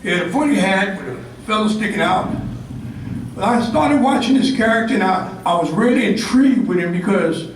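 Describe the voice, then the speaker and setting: An older man from Harlem tells a story in a speech, lively and acting out each character. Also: sits high, brisk, slight background noise. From Harlem, New York. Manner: animated storyteller, acts out quotes. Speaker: ceremony speaker. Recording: echoey hall from far off, faint ambience.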